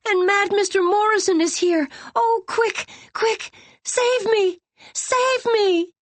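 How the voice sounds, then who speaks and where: A terrified young girl, put on by a woman narrator pleads in a shrill, sobbing voice. She sounds far above the reader's own pitch, with a strained, tearful edge. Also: slow pace, no echo.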